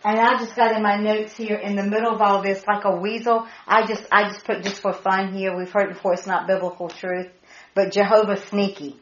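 A woman leading a Bible study, excited and animated, spelling out words and laughing as she teaches. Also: mid-range voice, brisk. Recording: echoey muffled room audio.

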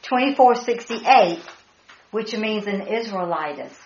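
A woman leading a Bible study, excited and animated, spelling out words and laughing as she teaches. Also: medium pitch, unhurried, slight background noise. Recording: echoey muffled room audio.

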